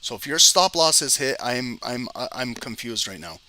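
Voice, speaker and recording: A man's voice: mid-range voice, expressive, normal speed, bright, forceful tone, no room sound. A man giving live screen-share trading commentary, talking straight to his viewers, exasperated, often repeating words as he explains. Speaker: trading educator.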